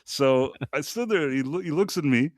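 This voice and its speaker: A man's voice: on the high side, lively intonation, moderate pace, no echo, studio quality. A man hosting a live podcast, telling a long story in a rambling, casual way with many asides. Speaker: podcast host.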